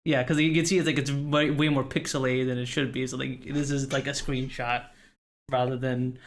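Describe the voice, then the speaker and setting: A man's voice: mid-range voice, level tone, normal speed. A young man streaming a casual game playthrough, chatting in a rambling way and reading the story aloud. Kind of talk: casual game commentary and narration. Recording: faint background music.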